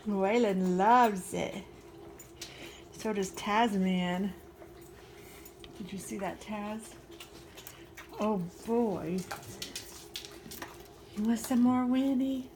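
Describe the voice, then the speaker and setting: A woman's voice: medium pitch, drawn-out words, long pauses, warm tone. A woman chatting casually at home in her kitchen as she bakes, cooing sweetly to her dogs. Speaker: home baking and crafting vlogger. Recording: noisy, with clattering dishes and clicks.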